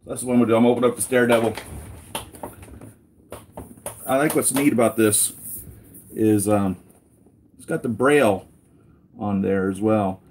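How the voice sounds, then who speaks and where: Male toy collector hosting a live unboxing; low, warm, loose and conversational. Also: fairly quick, pauses often, slight background noise. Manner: rambling, easygoing, with many restarts and asides. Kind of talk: casual live unboxing chat.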